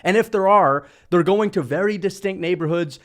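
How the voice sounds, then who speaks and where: A man from New rants about combat sports in a high, lively voice. He mocks and swears freely, with the loose tone of a casual vlog. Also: moderate pace. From New York. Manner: mocking, profane, animated. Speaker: MMA commentator vlogger. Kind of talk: casual rant.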